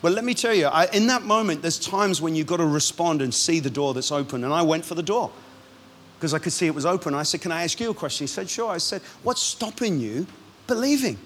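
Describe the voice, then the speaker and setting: A man, a pastor, preaching a sermon in a lively, punchy way with quick asides. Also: a little high, slight background noise.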